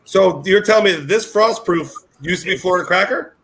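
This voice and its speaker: A man co-hosting a casual podcast, asking quick, curious questions. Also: high-pitched, gravelly, a bit bright, a little hiss or hum.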